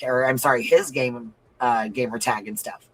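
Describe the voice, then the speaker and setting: A man's voice: mid-range voice, steady tone, moderate pace, fairly bright tone, rough recording. A man giving blunt, profane livestream commentary, reading out viewer comments and repeating his points for emphasis.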